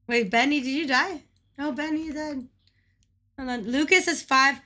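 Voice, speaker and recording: A woman's voice: a little high, normal speed, bright, forceful tone. A woman livestreaming a game who chats casually with her viewers, greets them by name, swears freely and laughs constantly. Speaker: streamer.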